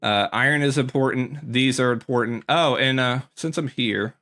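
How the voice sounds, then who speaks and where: A man's voice: mid-range voice, normal speed, fairly bright tone. A man casually commentating a tour of his survival game world, rambling with lots of ums and self-corrections, a little out of breath. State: slightly out of breath. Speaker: gaming YouTuber.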